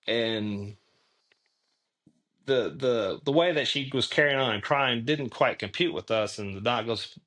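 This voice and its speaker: A man guesting on an interview show, telling stories in an earnest, animated way and often restarting his sentences. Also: medium pitch. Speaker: guest, clothing tech founder. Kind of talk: casual interview storytelling.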